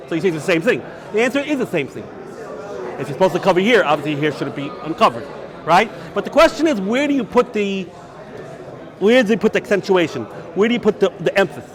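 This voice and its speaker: A rabbi gives a lively yeshiva lecture on Jewish law. His voice sits high for a man and swings widely in pitch. He poses questions and answers them himself, and he works Hebrew and Yiddish terms into his English. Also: fast talker, long pauses, a faint crowd. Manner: animated, asks and answers his own questions.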